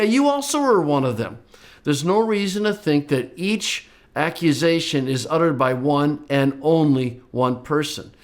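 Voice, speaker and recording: An older man teaching a Bible lesson, explaining passages in a lively way and briefly acting out the quoted speakers. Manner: lively, voices the quoted speakers with rising pitch. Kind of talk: explanatory lecture.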